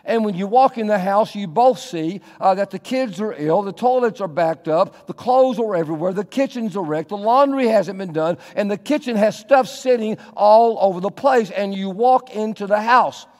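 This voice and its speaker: Male pastor, sermon, high voice, earnest, conversational, church with long reverb. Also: normal speed, few pauses, a little mellow. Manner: conversational, earnest, asks the congregation questions. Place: church sanctuary.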